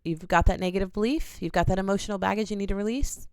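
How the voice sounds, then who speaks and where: A woman, an oracle card reader, gently and earnestly talking viewers through a ritual in a small home studio in her bedroom. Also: mid-range voice, quick pace, clean tone, dry recording. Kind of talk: casual guided ritual talk.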